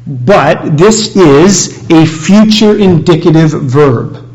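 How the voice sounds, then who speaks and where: Male preacher, slightly high voice, unhurried sermon delivery with thoughtful pauses. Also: darkish tone, rough recording. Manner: slow, measured Bible teaching with frequent "uh" pauses.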